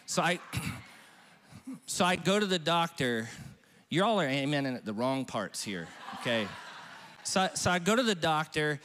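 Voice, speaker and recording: A man's voice: on the high side, very animated, measured pace, long pauses, a bit bright, a little hiss or hum. A middle-aged male pastor preaching a humorous, conversational sermon, teasing himself and chatting with the congregation. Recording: long reverb of a large hall.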